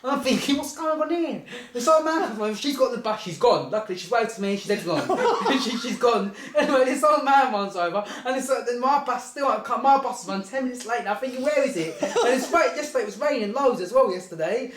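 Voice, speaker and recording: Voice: mid-range voice, lively intonation, quick pace, few pauses, fairly bright tone, a little hiss or hum. A speaker telling a rambling comic anecdote, giggling through it and often saying "anyway". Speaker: storyteller. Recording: echoey room.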